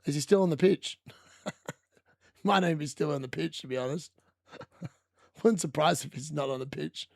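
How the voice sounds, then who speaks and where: Excitable high-voiced man streaming. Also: normal speed, creaky, long pauses, no room sound, studio quality. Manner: excitable, chatty, laughs often; corrects himself mid-sentence. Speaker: fantasy football streamer. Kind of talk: live watch-along commentary.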